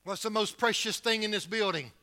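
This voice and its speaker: Bright, emphatic preaching man. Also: high-pitched, a little fast. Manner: emphatic preaching with wide swings in loudness and pace. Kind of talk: sermon. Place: church building.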